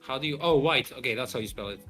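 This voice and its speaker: A man's voice: mid-range voice, expressive, quick pace, over music. A man chatting on a game dev stream, telling a story with teasing, joking banter. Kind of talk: casual chat.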